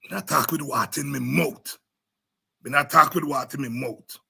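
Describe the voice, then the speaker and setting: A man's voice: medium pitch, fairly even intonation, moderate pace, gravelly, sharp tone, breathy edge. A man with a Guyanese Creole accent giving fiery, preaching political commentary as a show host, repeating himself and sliding into Creole.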